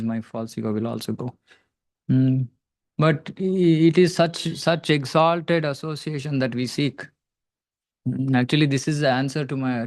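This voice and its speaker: A man leads a devotional scripture class, chanting Sanskrit verses and then reading out their translations. His voice sits at a middle pitch. He speaks reflectively and humbly, often stopping to search for the next word. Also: darkish tone, no echo. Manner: self-deprecating.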